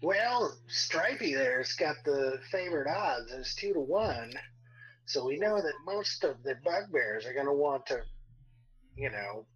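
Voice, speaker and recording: A man talks slowly and unhurriedly while laying out plans in a tabletop game. His voice is bright with a breathy, husky edge. The talk is laid-back and casual. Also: fairly high pitch, animated, lo-fi sound. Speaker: player. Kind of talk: casual tabletop role-play.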